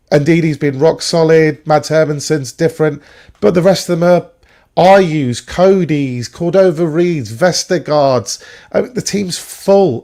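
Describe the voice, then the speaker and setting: A man with a slightly high voice talks football at length. He explains his points in an opinionated, lecturing way, as though laying out a case. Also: gravelly, a little mellow. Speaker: football fan show panelist. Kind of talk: casual football chat.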